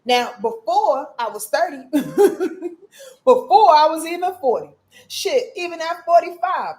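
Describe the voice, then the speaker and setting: A woman in her fifties giving a casual astrology forecast, slangy and profane, calling her listeners y'all and swinging between loud outbursts and soft murmurs. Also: very high-pitched, big pitch swings, slow pace. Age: 50s. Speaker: astrology host.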